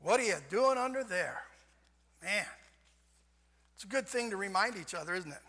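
An older man preaching a sermon in a folksy way, repeating "amen" and swinging from soft passages to shouts. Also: high-pitched, lively intonation, normal speed. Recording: long hall reverb.

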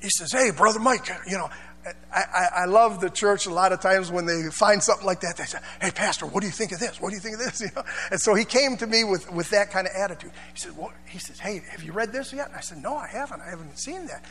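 A man's voice: high voice, fast talker, sharp tone, long reverb tail, slight background noise. A male pastor preaching a sermon in a church, chatty and informal, with asides and call-and-response.

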